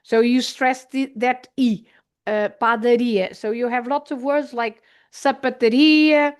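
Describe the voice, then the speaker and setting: A woman's voice: high-pitched, steady tone, measured pace, clear, resonant tone. A woman teaching a language online, patiently repeating and spelling out words, with frequent hesitant fillers.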